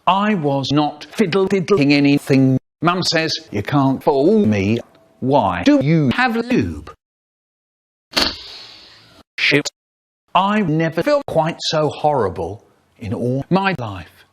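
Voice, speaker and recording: A man telling comic stories in an animated way, acting out voices and sound effects. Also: a little high, takes it slowly, pauses often, slight background noise. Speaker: storyteller. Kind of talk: comic storytelling, spliced remix.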